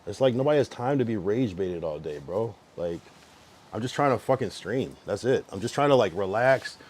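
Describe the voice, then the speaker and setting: A man's voice: on the low side, lively intonation, normal speed, darkish tone, a little hiss or hum. A young man livestreaming, ranting at his chat in an irritated, swearing, casual way.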